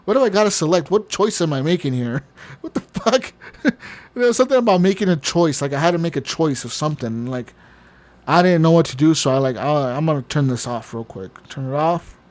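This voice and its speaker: Guy on a gaming podcast rambling through a story, swears a lot, laughs a bunch, voice a bit high. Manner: rambling, profane, laughs often. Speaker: podcast co-host. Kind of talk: casual chat.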